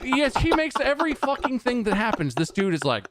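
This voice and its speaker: A man's voice: very high voice, sing-song, brisk, hardly any pauses, fairly bright tone. Sarcastic man telling a story, laughing. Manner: exasperated, sarcastic, laughing through anecdotes; swearing freely. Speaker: podcast host. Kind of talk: casual storytelling chat.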